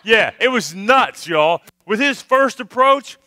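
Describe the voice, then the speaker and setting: A man telling a funny camp story to a youth crowd as a former youth minister, animated and tagging his sentences with "okay? all right?". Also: sits high, slow pace, no echo. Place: live youth camp worship service.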